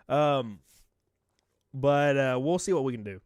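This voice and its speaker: A man's voice: on the high side, animated, a little fast, dry recording, clean studio sound. A man live-streaming in a casual, rambling way, joking, swearing freely and thanking his viewers by name.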